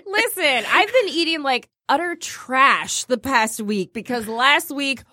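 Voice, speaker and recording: A woman chats on a podcast with a bright, forceful tone and a very lively, swooping pitch. She tells her stories with animation and laughs easily. The sound is dry and close. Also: no echo. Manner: animated storyteller, quick to laugh. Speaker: podcast co-host. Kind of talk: casual chat.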